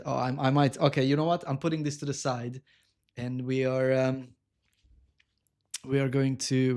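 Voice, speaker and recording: A man chatting casually on a live cooking stream, animated and self-mocking, laughing often and reading viewer comments aloud. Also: mid-range voice. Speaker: livestreamer.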